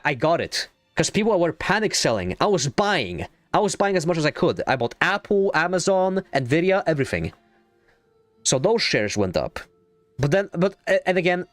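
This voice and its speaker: A young adult man streaming a game, chatting casually in a rambling, excitable way and swearing freely. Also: a little high, dry recording. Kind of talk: casual gaming stream chat.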